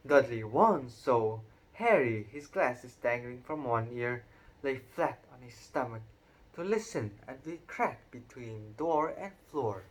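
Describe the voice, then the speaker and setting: A man narrating a children's novel aloud in an unhurried, expressive reading with occasional stumbles. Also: medium pitch. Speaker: audiobook narrator. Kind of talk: storybook read-aloud narration.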